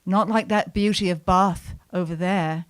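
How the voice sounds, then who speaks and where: A woman voicing a terse older male farmer with a slow Kentish drawl. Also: fairly low pitch, steady tone, clean tone, natural voice. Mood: matter-of-fact.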